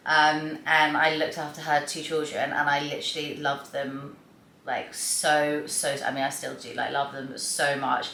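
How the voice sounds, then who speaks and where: A woman's voice: deep voice, little pitch movement, measured pace, vocal fry, pushed and bright, slight background noise. A young woman chatting casually to her viewers in a rambling, open vlog style. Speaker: vlogger. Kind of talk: casual chat to camera. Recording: echoey room with faint ambience.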